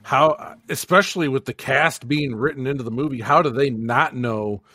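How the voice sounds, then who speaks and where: Regular guy on a podcast, dry mic, kinda halting, keeps restarting sentences. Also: mid-range voice, pushed and bright, no room sound. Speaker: podcast co-host. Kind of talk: casual chat.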